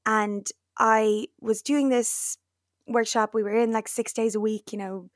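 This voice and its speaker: A woman's voice: on the high side, a little slow, no room sound, studio quality. A young woman chatting as a guest, telling stories and acting out what people said. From Ireland. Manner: lively storyteller, acts out quoted voices. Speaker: guest, actor and comedian. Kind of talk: casual chat.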